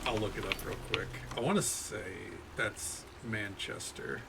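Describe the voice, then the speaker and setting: A man's voice: fairly low pitch, very animated, measured pace, creaky, very noisy. A man streaming a video game, chatting casually and rambling, with frequent cursing and restarts. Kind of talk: casual gaming commentary.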